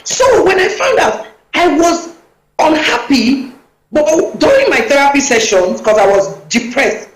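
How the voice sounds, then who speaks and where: A woman's voice: high-pitched, very animated, measured pace, echoey room, rough recording. A woman, a talk show guest speaking emphatically and urgently over a video call.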